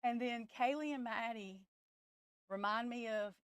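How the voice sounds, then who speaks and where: A woman's voice: a little high, unhurried, smooth, no echo, clean studio sound. A woman who hosts a tarot live stream, talking in a casual, emotional and blunt way that rambles.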